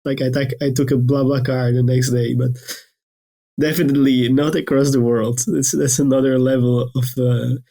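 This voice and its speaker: Brief: man from the Republic, podcast host, easygoing, mid-pitched voice. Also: flat delivery, normal speed, vocal fry, mellow. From Czech Republic. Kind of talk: casual interview chat.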